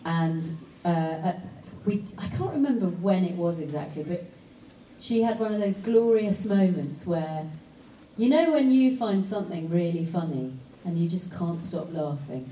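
An actress answering panel questions in a chatty, rambling way, full of fillers and asides. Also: female voice, on the low side, expressive, a little slow, warm tone, a little hiss or hum. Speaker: actress and voice actor. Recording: roomy hall, distant mic, faint ambience.

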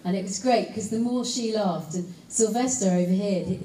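An actress answering panel questions in a chatty, rambling way, full of fillers and asides. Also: female voice, mid-range voice, normal speed, dark tone, slight background noise. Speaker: actress and voice actor. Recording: roomy hall, distant mic, faint ambience.

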